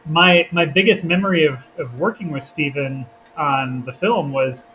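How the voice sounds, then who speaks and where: A man's voice: on the high side, a little slow, pushed and bright, a little hiss or hum, poor audio. A man hosting a podcast, a filmmaker chatting casually who acts out quotes and laughs often.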